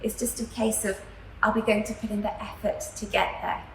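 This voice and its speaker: A woman teaching a class on spiritual philosophy, talking in a gentle, earnest way with fillers as she tells a story. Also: medium pitch, steady tone, a little fast, gravelly. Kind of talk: spiritual lecture to students. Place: school room. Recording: echoey room, faint background noise.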